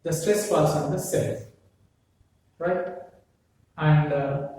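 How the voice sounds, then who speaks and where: A male English lecturer with an Indian accent talks at an unhurried pace, repeating key words and posing rhetorical questions to his class. His voice sits somewhat high. The sound is very reverberant and distant, as if picked up from across a bare room. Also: dark tone. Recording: very echoey room, voice far from mic.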